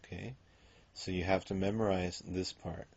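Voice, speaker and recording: A man's voice: deep voice, level tone, normal speed, vocal fry, a little mellow, husky, highs cut off. A man teaching a recorded language grammar lesson, explaining step by step with frequent ums and okays. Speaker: Spanish teacher.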